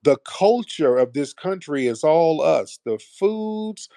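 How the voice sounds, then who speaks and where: Mocking, gravelly man hosting a call-in. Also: on the high side, animated, takes it slowly, warm tone, no echo. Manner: mocking, combative, talks over the caller. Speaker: host. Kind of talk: heated live call-in debate.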